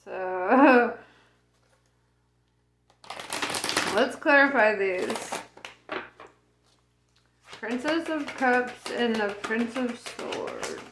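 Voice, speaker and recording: A woman's voice: a little high, very animated, very slow, pauses often, background noise. A woman giving a casual tarot reading who rambles with lots of fillers and laughs often. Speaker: tarot reader. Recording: roomy echo.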